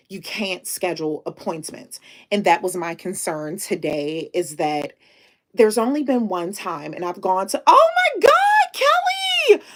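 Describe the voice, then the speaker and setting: Slow-talking, emotional live-stream host woman. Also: lowish voice, a little mellow. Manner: emotional, on the edge of tears; sprinkles French greetings. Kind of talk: casual live-stream chat.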